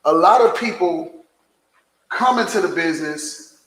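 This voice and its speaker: A man giving an emphatic, preachy motivational business talk on a livestream, repeating phrases and sometimes shouting. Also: sits high, lively intonation, unhurried, in a large hall, noisy background. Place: indoor room filming himself on several cameras.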